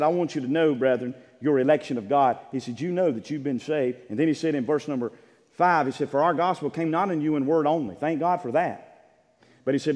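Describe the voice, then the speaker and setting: A man preaching a sermon in an emphatic, repetitive style with bursts of shouting. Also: a little high. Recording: church sanctuary with long reverb.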